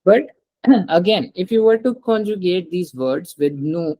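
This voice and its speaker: A man's voice: high voice, expressive, unhurried, warm tone, poor audio. A man teaching French in a one-on-one lesson, patiently explaining rules step by step and asking his student to read aloud.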